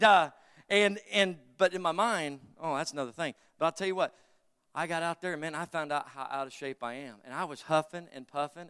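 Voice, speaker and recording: A man's voice: high voice, fairly bright tone, long reverb tail. A middle-aged man preaching a sermon, joking and telling stories to his congregation in a folksy way. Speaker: pastor.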